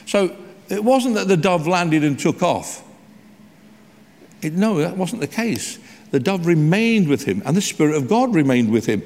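Animated preacher in an echoing hall. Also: male voice, on the high side. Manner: animated, emphatic preaching with slowed quoted scripture. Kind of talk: sermon.

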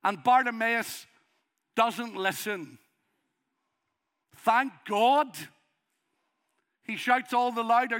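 A middle-aged man with a Northern Irish accent preaching a sermon, passionately, building to loud pleading. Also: very high voice, slow pace, pauses often, clean tone. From Northern Ireland.

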